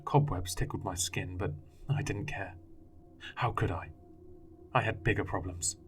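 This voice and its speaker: A man with a very deep voice reads a horror story aloud in a grave, dramatic style. Faint music runs underneath the narration. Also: fairly even intonation, measured pace.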